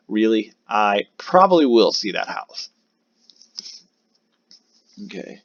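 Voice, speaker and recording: Man, animated pitch, rambling gameplay commentary, chatty, dull lo-fi sound. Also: slow pace, vocal fry, pauses often, slight background noise. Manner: rambling, chatty, many fillers. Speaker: new content creator. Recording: dull lo-fi recording.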